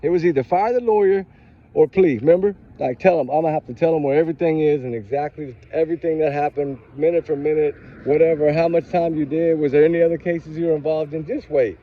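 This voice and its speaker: A man with a voice on the high side rants at a quick pace to his true crime channel's viewers as he walks through a grocery store parking lot. Fired up and angry, he speaks straight to the camera in a casual vlog with phone-quality sound.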